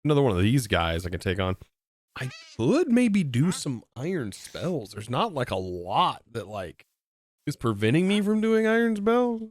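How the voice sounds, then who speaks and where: A man's voice: mid-range voice, huge pitch swings, normal speed, no room sound. A man livestreaming a game, chatting casually to his viewers as he narrates each move he makes. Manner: chatty, narrates his moves and talks to chat. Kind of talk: live gameplay commentary.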